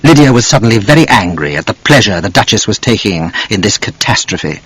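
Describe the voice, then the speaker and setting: A man narrating an audiobook in an expressive, measured storytelling manner. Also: fairly low pitch, slightly rough, no room sound, low-quality recording. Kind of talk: scripted narration.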